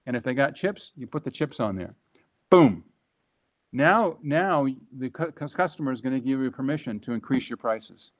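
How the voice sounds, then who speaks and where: This man's voice sits at a medium pitch as he recounts a business story while talking with a host. Once a franchise executive, he is animated and emphatic, jumping back to restart his phrases.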